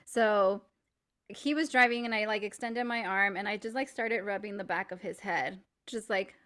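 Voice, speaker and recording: A woman co-hosting a podcast, telling a personal story in casual chat, saying "like" a lot and getting animated and laughing as she goes. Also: medium pitch, normal speed. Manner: chatty, fills speech with "like"; animated and laughing while retelling stories. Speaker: podcast co-host.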